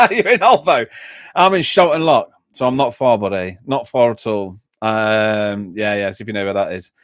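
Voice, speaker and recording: A man's voice: lowish voice, expressive, normal speed, fairly bright tone, dry recording, studio quality. A middle-aged man with an English Midlands accent, chatting casually on a livestream, reading out comments and rambling through anecdotes with frequent laughs. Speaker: YouTube channel host.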